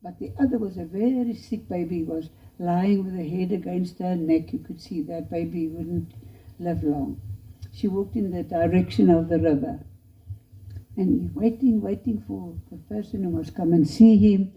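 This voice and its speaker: A woman's voice: lowish voice, moderate pace. A woman preaching a missionary appeal in a church chapel, earnest and pleading as she tells a story. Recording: lo-fi dull recording.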